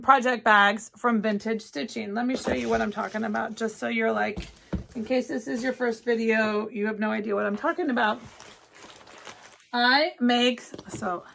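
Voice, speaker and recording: A woman chatting casually to camera as a cross-stitch vlogger in her home craft studio, gushing and excitable as she talks. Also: fairly high pitch, creaky, slight background noise.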